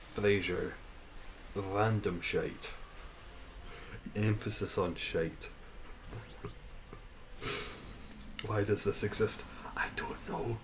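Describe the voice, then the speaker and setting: A man's voice: fairly low pitch, a little hiss or hum, rough recording. A man streaming a game, chatting casually and answering his chat, laughing often.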